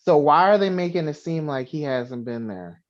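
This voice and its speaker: A man's voice: a little high, animated. Man co-host on a dull lo-fi mic. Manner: quick interjections, laughing reactions. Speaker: podcast co-host. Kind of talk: casual movie review chat.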